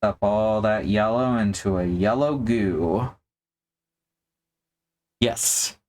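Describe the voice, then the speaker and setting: Slow, low-voiced man chatting while painting. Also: a little mellow, a little hiss or hum. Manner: rambling, joking, thinking aloud. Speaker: live-stream host. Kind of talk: casual live-stream chat while painting.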